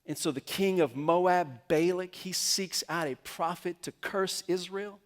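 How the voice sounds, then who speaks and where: A male pastor preaching a sermon in a storytelling way, slipping into the characters' lines as he retells the story. His voice sits a little higher than most men's. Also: unhurried. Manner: storytelling sermon with lively acted-out quotes.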